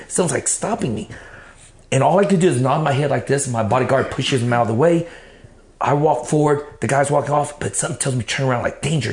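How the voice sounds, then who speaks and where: Profane man telling his story, roomy sound. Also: medium pitch. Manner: blunt and profane, acts out what he told himself. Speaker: interview guest. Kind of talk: personal storytelling, casual talk. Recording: roomy echo.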